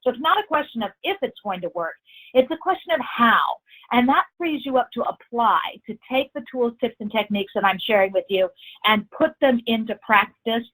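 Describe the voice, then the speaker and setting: A woman's voice: a little high, expressive, normal speed, a bit bright, poor audio. A woman presenting a corporate training webinar, emphatic and encouraging, repeating her key phrases.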